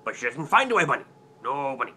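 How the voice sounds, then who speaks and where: A man's voice: mid-range voice, sing-song, fast talker, pushed and bright, slightly rough, exaggerated voice. A man playing a clueless, forgetful book-review host who rambles eagerly in a comic web sketch. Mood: earnest muddle.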